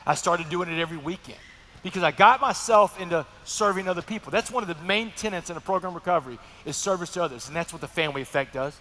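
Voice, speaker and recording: Fast, bright-voiced man telling his story. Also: sits high, slight background noise. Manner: earnest storytelling, addresses crowd directly. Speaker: guest speaker sharing recovery testimony. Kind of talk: personal testimony speech to an audience. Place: large event hall at a breakfast gathering. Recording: echoey hall reverb.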